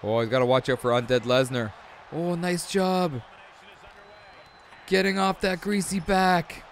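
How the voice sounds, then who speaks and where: A man in his thirties giving excitable, rambling commentary over a video game, full of chatty asides. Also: medium pitch, brisk, gravelly, a little hiss or hum. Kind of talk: casual gameplay commentary.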